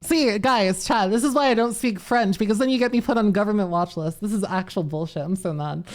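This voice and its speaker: A woman's voice: medium pitch, brisk, hardly any pauses. A woman live streamer chatting casually with her viewers, reading messages aloud, laughing often and swearing freely. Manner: giggly and profane, reads chat aloud.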